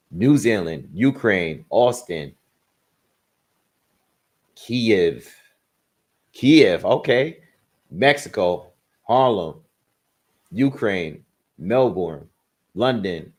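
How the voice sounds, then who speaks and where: A man hosting a casual boxing livestream, reading out where his viewers are from in quick bursts and thinking aloud as he gives his predictions. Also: lowish voice.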